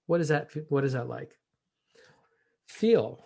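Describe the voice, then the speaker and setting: A man's voice: mid-range voice, animated, takes it slowly, gravelly, dark tone, breathy edge. A man presenting a sales training session, shifting his volume and pace to demonstrate vocal techniques.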